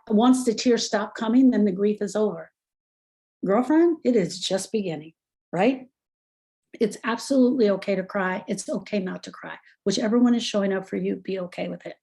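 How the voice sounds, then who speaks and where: A woman's voice: mid-range voice, mellow. A middle-aged woman speaking as a grief coach, talking earnestly and encouragingly straight to the listener. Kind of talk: motivational talk.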